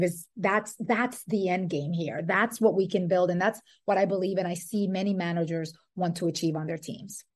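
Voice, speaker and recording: A woman's voice: mid-range voice, a little mellow. A middle-aged woman, a guest author in an interview, speaking in an earnest, thoughtful way and often restarting her sentences. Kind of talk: conversational interview.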